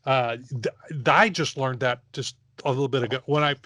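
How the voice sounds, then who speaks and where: Male podcast co-host reading news, halting delivery, dry close sound. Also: mid-range voice, pushed and bright, dry recording. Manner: reacts with short murmurs, reads news with halting restarts. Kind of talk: casual chat, reading news.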